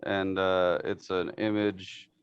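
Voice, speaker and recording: A man's voice: low-pitched, level tone, slow, clean tone, dry recording, dull audio. A man co-hosting a podcast in a casual chat, describing memes, swearing freely and laughing as he talks. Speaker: podcast co-host.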